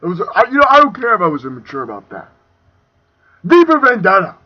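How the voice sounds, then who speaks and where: A young man ranting angrily about a movie, profane and swinging between shouting and muttering. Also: high voice, wildly swooping pitch, quick pace. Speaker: video reviewer. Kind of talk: angry movie rant. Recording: dull lo-fi home recording.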